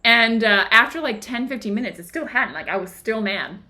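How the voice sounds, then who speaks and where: A woman's voice: a little high, expressive, brisk, pushed and bright. A woman hosting a book club discussion, telling a personal story in a chatty way with many fillers.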